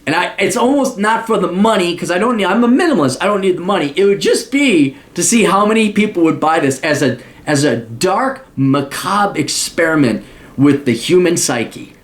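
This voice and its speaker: A man delivers a podcast monologue in a blunt, profane, ranting way. His voice sits a bit high and swings widely in pitch. He keeps dropping sarcastic, mocking asides. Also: lively intonation, normal speed. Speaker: podcast host.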